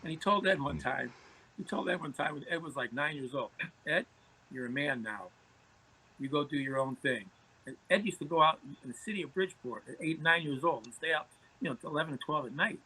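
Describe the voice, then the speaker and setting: A man's voice: on the high side, animated, fairly quick, sharp tone, slightly rough, rough recording. A man, a podcast guest telling anecdotes in conversation, often repeating words as he starts phrases. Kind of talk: storytelling in conversation.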